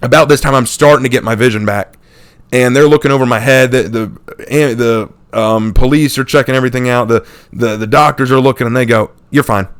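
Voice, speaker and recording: An American man hosting his channel tells a funny childhood story in a casual way, laughing often and acting out people with quick impressions. His mid-range voice has fairly even intonation and a clean tone.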